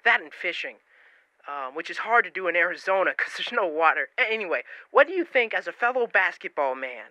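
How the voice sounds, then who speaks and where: Brief: performer doing a stammering superfan caller guy, bright and dry. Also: medium pitch, very animated, fairly quick, no echo. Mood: fawning. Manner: hesitant, stammering, eager. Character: awkward fawning male caller from Arizona. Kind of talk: comedic talk-radio parody.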